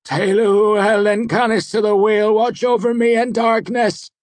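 A man's voice: high-pitched, flat delivery, measured pace, no echo, voice pushed up. A man voicing a frightened male archer who prays fervently in a trembling, pleading litany. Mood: desperate prayer. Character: terrified male archer praying fervently in a storm.

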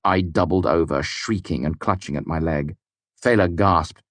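Deep, dry-voiced male narrator. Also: moderate pace, a bit bright, dry recording. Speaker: audiobook narrator. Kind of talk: scripted narration.

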